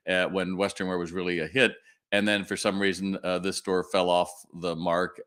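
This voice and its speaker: An older man hosting a live webinar, chatty and animated, telling a story and acting out the voices in it. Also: sits low. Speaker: retail sales trainer and webinar host.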